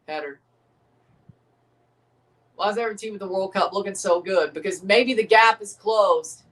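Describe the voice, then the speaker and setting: A man hosting a live watchalong of a football match, excitable and opinionated, often exclaiming and laughing at the action. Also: high voice, normal speed, distant mic. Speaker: livestream host reacting to a match.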